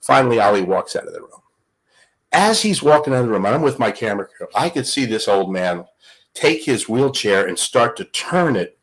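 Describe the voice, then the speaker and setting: An older man tells a story on a show with real flair, pausing for emphasis and leaning on key words. His voice is husky, and his pitch swings widely. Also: big pitch swings, poor audio. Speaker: guest. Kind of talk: animated storytelling.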